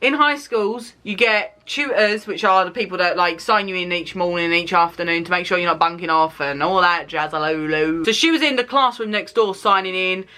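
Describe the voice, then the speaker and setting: A British woman in her twenties, an animated and dramatic storyteller who laughs and swears while she vlogs. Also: lowish voice, normal speed, hardly any pauses. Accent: British English. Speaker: YouTuber. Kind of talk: storytime vlog.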